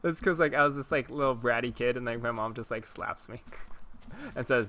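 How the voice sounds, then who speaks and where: Guy in his 20s chatting while he plays a game, sharp bright voice, chuckles a lot, a bit of faint noise behind. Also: medium pitch, sing-song, moderate pace. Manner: rambling and chuckling, talks to viewers. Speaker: Minecraft let's-play host. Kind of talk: casual commentary while gaming.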